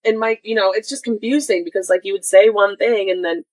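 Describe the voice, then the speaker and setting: A woman's voice: medium pitch, fairly quick, no room sound, rough recording. A young adult woman co-hosting a podcast, telling a family story in casual chat and acting out what people said. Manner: animated retelling, acts out quoted voices. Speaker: podcast co-host, daughter.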